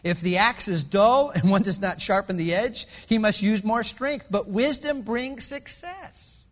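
A middle-aged male pastor preaching a sermon with passion, swinging from loud to hushed. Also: sits high, unhurried.

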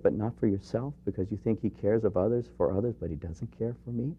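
A man with a fairly low voice preaches a sermon in an earnest, personal way. He rises to emphatic questions, then sinks to quiet, intimate remarks. The recording is dull and lo-fi. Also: quick pace, husky. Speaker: pastor.

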